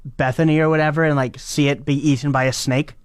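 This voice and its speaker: A man's voice: a little high, steady tone, fast talker, clear, resonant tone, dry recording. A man co-hosting a morning radio show, ribbing his co-host with dry teasing. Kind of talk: casual on-air banter.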